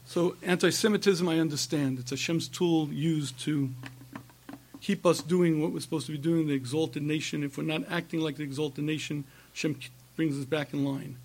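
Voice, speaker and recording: A middle-aged man giving an impassioned religious lecture, emphatic and repetitive, with rhetorical questions and frequent throat-clearing. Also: on the high side, steady tone, brisk, darkish tone. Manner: emphatic, rhetorical questions, repeats phrases for force. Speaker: rabbi giving a talk.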